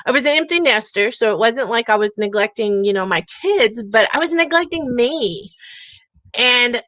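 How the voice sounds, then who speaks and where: A woman's voice: a little high, expressive, normal speed, fairly bright tone, no echo, rough recording. A middle-aged woman telling her story with earnest emphasis, speaking outdoors from a campground porch. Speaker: summit speaker. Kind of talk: passionate personal storytelling talk.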